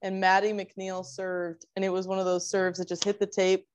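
A woman's voice: medium pitch, completely flat delivery, normal speed, a little hiss or hum. A young woman from Minnesota in casual chat, telling stories in close detail. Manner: storytelling, detailed. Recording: dull lo-fi sound.

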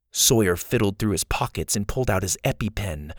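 A man reading a scripted children's adventure story as the show's storyteller, in an even, measured way. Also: fairly low pitch, dry recording, clean studio sound.

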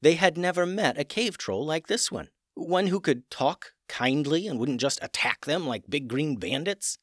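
Guy reading a kids adventure story, super animated, dry close mic. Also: a little high, moderate pace, dry recording. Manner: expressive, dramatic storytelling. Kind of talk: children's story narration.

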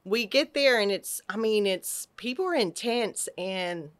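A middle-aged woman from Texas telling an animated personal story on a podcast, acting out quotes and restarting her sentences. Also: medium pitch, a little slow. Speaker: podcast guest. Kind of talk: casual storytelling.

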